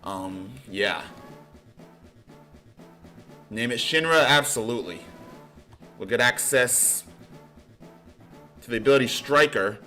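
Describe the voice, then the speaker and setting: A man streaming a game, thinking out loud in a loose, rambling way and now and then bursting into loud excitement. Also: medium pitch, unhurried, pauses often, faint music behind. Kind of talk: casual game commentary.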